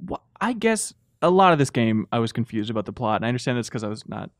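A man hosts a relaxed panel talk at a rapid clip, firing off inquisitive and playfully teasing questions. His voice sits at a middling pitch and sounds dry and close on a studio microphone. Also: no echo. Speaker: podcast host. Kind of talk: casual group discussion.

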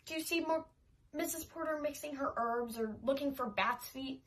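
A woman's voice: sits high, moderate pace, a little hiss or hum, lightly acted. A woman voicing a sensible teenage girl babysitter who talks in an earnest, reassuring way.

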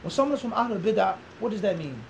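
Philly guy, fairly high voice, lectures in an interview, keeps firing questions at the room, a little hiss behind. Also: racing, vocal fry, rough recording. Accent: Philadelphia. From Philadelphia, USA. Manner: animated, asks the room rhetorical questions and drills points by repeating them. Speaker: interviewed Islamic teacher.

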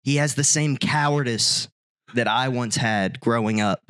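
Mopey heartbroken moth guy spilling his sorrows slowly to the doc, a man doing the bit, dry close sound. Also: medium pitch, fairly bright tone, no echo, close to an everyday voice. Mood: despairing. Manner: slow, mournful confession to a doctor. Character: gloomy heartbroken male moth. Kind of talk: comedic bit told on a podcast.

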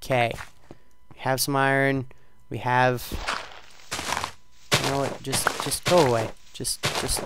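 A man's voice: mid-range voice, flat delivery, unhurried, long pauses, noisy background. Rambling teenage boy narrating gameplay. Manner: self-deprecating, rambling, with sudden loud outbursts. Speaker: gaming channel host. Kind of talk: casual gameplay commentary.

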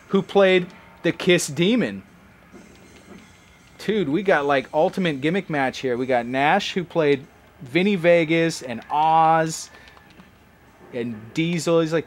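A man giving casual, rambling commentary as he plays a game, chatting like a longtime fan. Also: on the high side. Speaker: let's play host.

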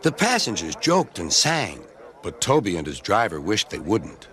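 A man reading a children's storybook aloud as narrator, in a gentle, expressive way. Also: on the low side, normal speed, a crowd in the background.

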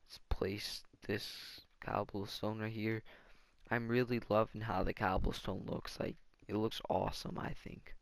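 Low, gravelly young-sounding gamer guy. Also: little pitch movement, measured pace, in a whisper. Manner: rambling, thinks aloud while playing. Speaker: gaming channel host. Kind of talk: casual let's-play commentary.

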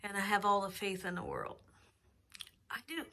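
A woman's voice: medium pitch, wildly swooping pitch, bright, forceful tone. A woman, talking in a heartfelt, emotional way in a casual home vlog, close to the camera. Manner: heartfelt, slow and drawn-out, emotional. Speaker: cooking channel host. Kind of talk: casual personal vlog talk. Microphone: camera very close to her face.

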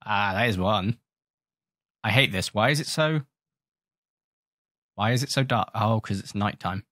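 The recording is dry and studio-clean, capturing a man whose lowish, slightly bright voice moves a little slowly. Hosting his gaming channel, he gives rambling, jokey, self-mocking commentary and scolds the creatures in his game.

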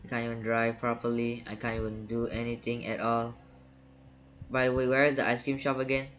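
A man's voice: medium pitch, completely flat delivery, brisk, a bit bright. A man giving gameplay commentary as a YouTuber, panicky and stammering, repeating words over and over. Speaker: gaming YouTuber.

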